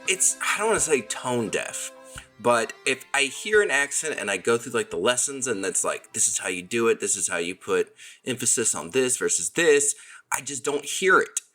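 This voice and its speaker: A man's voice: medium pitch, bright, forceful tone. A man hosting a casual solo podcast chat, joking and self-deprecating as he rambles. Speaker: podcast host.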